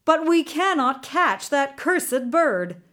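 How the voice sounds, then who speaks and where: A woman's voice: sits high, big pitch swings, slow pace, a bit bright, voice pushed up, exaggerated voice. A woman doing sneering haughty noble sons. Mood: scornful.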